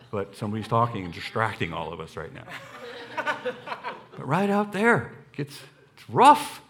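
A middle-aged man preaching a sermon as a guest speaker in a church, lively and joking, repeating lines for emphasis into a stage microphone. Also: mid-range voice. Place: church sanctuary.

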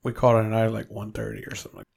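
A man's voice: lowish voice, flat delivery, racing, gravelly, a little mellow, husky. A man co-hosting a podcast, telling a rambling story in casual chat and cursing often. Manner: storytelling, heavy swearing, quotes himself. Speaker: podcast co-host.

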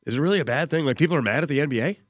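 A man hosting a casual sports talk show, teasing his co-host with rapid questions. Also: fairly high pitch, animated, dry recording, clean studio sound.

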